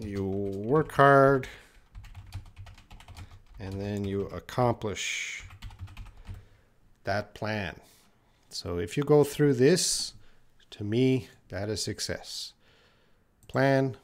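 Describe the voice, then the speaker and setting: A man's voice: lowish voice, expressive. A man teaching English in a live question-and-answer stream, reading viewer questions aloud and answering them patiently. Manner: slow, patient, reads viewer questions aloud then explains.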